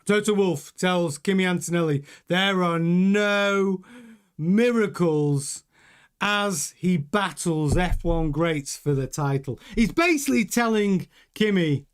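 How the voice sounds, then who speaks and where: A man hosting a racing news show with a high voice. He talks loosely and jokingly, often restarting his sentences as he goes. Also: slow, clear, resonant tone. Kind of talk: casual news commentary with live chat.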